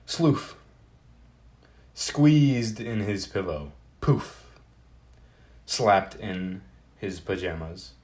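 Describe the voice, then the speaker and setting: A man reading a children's picture book aloud as narrator, slow and deliberate. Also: low voice, animated, darkish tone. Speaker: storybook narrator.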